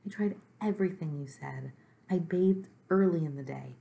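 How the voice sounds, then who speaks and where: Lady doing a whiny sad little monster guy, high and teary, wailing. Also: normal speed, gravelly, mellow. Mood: despairing. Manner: wailing, pleading. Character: sad moldy young male monster, whiny and tearful.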